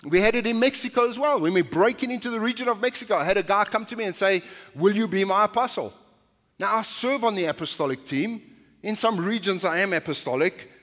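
A man's voice: high voice, fast, a bit bright, big-room sound. A male pastor preaching a sermon in a conversational, anecdotal way, often restarting his sentences. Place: church sanctuary.

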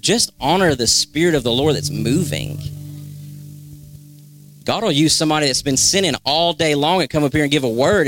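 A man's voice: a little high, fairly bright tone. Fervent man exhorting a church crowd. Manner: fervent, preachy, repeats phrases for emphasis. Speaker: church member sharing a word. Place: church sanctuary.

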